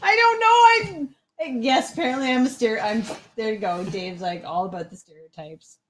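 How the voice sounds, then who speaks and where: A woman in her thirties co-hosting a relaxed livestream chat. She reads viewer comments aloud and giggles often. Her voice sits at an ordinary middle pitch, and her talk is loose and teasing. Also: a little fast, slight background noise. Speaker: livestream co-host reading chat. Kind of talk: casual chat.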